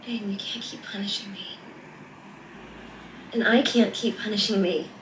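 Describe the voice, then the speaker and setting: An actress playing a woman pleading with her angry boyfriend in a TV drama, earnest and soft-spoken. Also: fairly high pitch, takes it slowly, slight background noise. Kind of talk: TV drama acting. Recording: roomy, distant TV clip audio.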